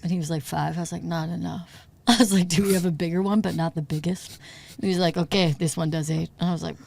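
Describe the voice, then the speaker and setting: A woman's voice: on the low side, steady tone, quick pace, gravelly, a little mellow. A woman hosting a podcast and chatting casually. She sounds tipsy and tells stories animatedly, acting out voices, swearing and laughing often. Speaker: podcast host.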